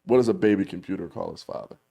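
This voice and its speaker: A man's voice: sits low, very fast, creaky, warm tone. A man co-hosting a casual talk show, teasing and joking with frequent laughs. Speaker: co-host. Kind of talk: casual chat.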